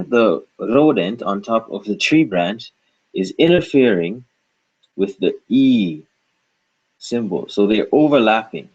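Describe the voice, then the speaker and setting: A man teaching pronunciation at a very slow, deliberate pace, with a low, husky voice. He repeats each word carefully and guides the learner with questions. The recording sounds dull and lo-fi. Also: animated, darkish tone. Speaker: language teacher. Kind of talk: slow, patient pronunciation lesson.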